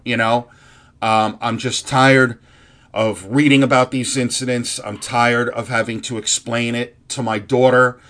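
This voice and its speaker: A man's voice: mid-range voice, fairly bright tone. A man on a fed-up, impassioned rant, swearing freely and circling back over his points. His talk tumbles with restarts and repeated words, yet stays earnest and heartfelt. It is a plain, ordinary voice in the middle of the usual male range. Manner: angry, profane, rambling with restarts. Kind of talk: impassioned ranting monologue.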